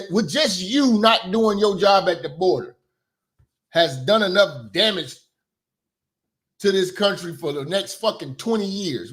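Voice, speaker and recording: A high-voiced man rants and swears through reaction commentary. His pitch swings all over the place as he jumps from one complaint to the next. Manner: animated, swearing, ranting. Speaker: commentary streamer.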